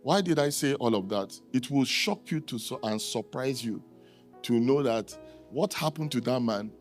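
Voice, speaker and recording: Middle-aged male pastor from Nigeria, sermon storyteller, mid voice, soft music underneath. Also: normal speed. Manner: animated, acts out dialogue with sharp rises in pitch.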